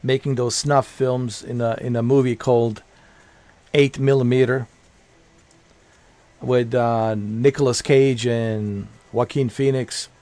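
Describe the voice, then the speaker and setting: Slow, rambling male game streamer. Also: mid-range voice, fairly even intonation, darkish tone, no echo. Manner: rambling and repetitive, swears casually. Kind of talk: casual live-stream chatter.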